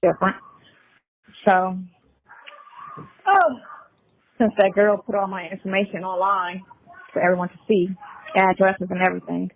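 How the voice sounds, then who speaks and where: A gravelly-voiced woman rambles over a tinny phone line, hesitant and full of fillers. The thin, phone-like sound cuts her voice down. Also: mid-range voice, moderate pace, long pauses. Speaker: caller in a played live call.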